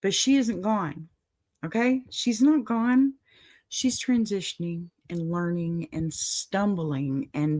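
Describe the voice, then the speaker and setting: A woman hosting an advice show, talking casually and reassuringly to a viewer. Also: mid-range voice. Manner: gentle, reassuring, apologetic asides. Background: dog in the room.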